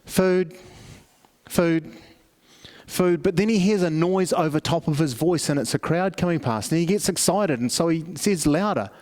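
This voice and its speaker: Conversational middle-aged preacher, higher voice. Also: male voice, animated, a little fast, hardly any pauses, a little mellow. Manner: conversational storytelling with many restarts. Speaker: pastor. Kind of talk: family service sermon.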